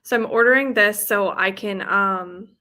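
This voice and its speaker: A woman's voice: medium pitch, a little slow, bright, forceful tone. A woman hosting a live reading stream, chatting casually with her viewers in a bubbly way, full of "like" and "um". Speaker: book-reading livestream host.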